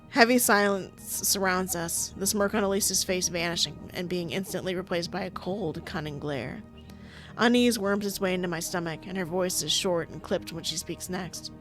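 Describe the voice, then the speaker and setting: A woman's voice: on the low side, moderate pace, faint music behind. Swearing, laughing young woman gamer. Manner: casual, profane, laughing. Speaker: streamer playing a visual novel. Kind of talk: let's play commentary and reading aloud.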